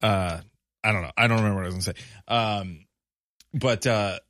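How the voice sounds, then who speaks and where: A man's voice: lowish voice, brisk, fairly bright tone, no echo, studio quality. A man co-hosting a podcast in casual chat, laid-back and wry, mostly making short remarks. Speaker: podcast co-host.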